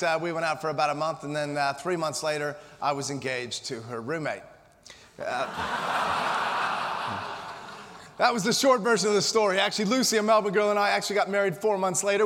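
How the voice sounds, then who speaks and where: An American man in his forties giving a humorous, energetic motivational keynote to a live audience, telling punchy, joking stories. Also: a little high, creaky, a little hiss or hum. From Colorado, USA. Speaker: motivational speaker. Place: conference hall before an audience. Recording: long reverb of a conference hall.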